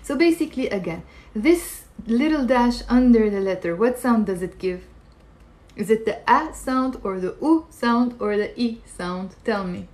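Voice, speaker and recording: A woman giving a live online pronunciation lesson. She slowly repeats each sound for her viewers to copy. She keeps asking them questions and waiting for answers. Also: fairly high pitch, expressive, darkish tone. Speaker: Arabic teacher.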